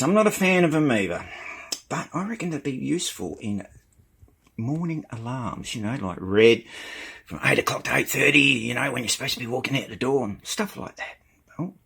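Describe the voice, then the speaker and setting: A man's voice: mid-range voice, vocal fry, sharp tone, breathy edge. A middle-aged Australian man chatting casually to viewers on his channel, rambling and calling them "mate". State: short of breath. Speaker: channel host. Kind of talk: casual live-stream chat.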